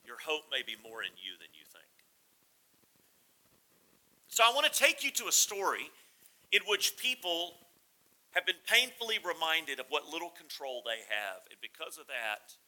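A man's voice: fairly high pitch, pushed and bright, poor audio. A man in his forties preaching a sermon in a conversational, humorous storytelling manner. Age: 40s. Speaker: pastor.

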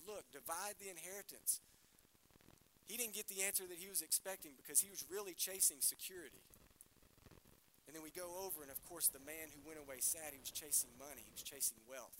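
A man's voice: a little high, sharp tone, a little hiss or hum, low-quality recording. A male pastor, preaching a sermon in a church and asking the congregation questions. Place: church hall.

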